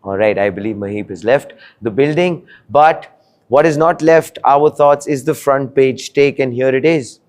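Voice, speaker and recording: A man's voice: medium pitch, a little mellow. Filler-heavy male show host. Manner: filler-heavy, drawn-out questions. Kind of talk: interview hosting.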